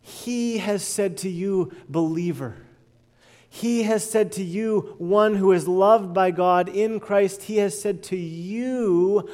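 High-voiced earnest preaching man. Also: takes it slowly. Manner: earnest preaching, swelling loud then dropping soft and low. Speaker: pastor. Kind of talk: sermon.

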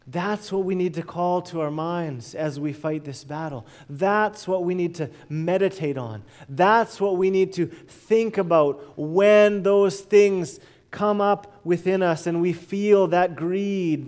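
High-voiced earnest preaching man. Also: takes it slowly. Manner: earnest preaching, swelling loud then dropping soft and low. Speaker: pastor. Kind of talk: sermon.

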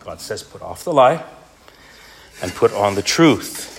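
A man preaching a sermon in an earnest, emphatic way, often dropping quieter as he voices inner thoughts. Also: on the low side, very animated, a little slow, gravelly, a little hiss or hum.

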